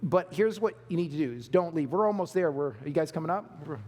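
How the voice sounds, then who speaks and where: A man's voice: a little high, lively intonation, fast talker, a little mellow. A male pastor preaching a sermon to a congregation, emphatic and repeating key phrases, laughing along with the crowd. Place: church hall. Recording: long hall reverb.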